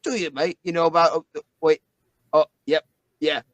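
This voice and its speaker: A man's voice: fairly high pitch, steady tone, normal speed, no echo, lightly acted, poor audio. A man voicing a crude male spirit trapped in a book, with a put-on Australian accent. He swears a lot and calls everyone mate. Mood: rambling. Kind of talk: tabletop game character voice.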